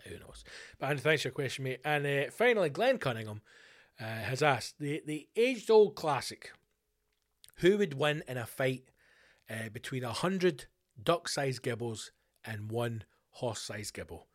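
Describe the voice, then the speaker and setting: A Scottish man talks alone into his podcast mic, answering listener questions in a loose, rambling way. He gets animated when he spins out a scenario, and he swears freely. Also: mid-range voice, moderate pace. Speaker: podcast host.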